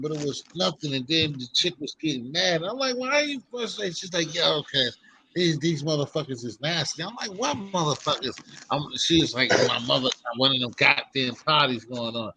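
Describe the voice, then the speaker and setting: A man with a bright, forceful voice tells a long, rambling story in casual chat. He jumps into higher-pitched voices to act out what people said. A little noise sits under the recording. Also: normal speed, low-quality recording. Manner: rambling, acts out quotes with raised pitch. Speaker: podcast co-host.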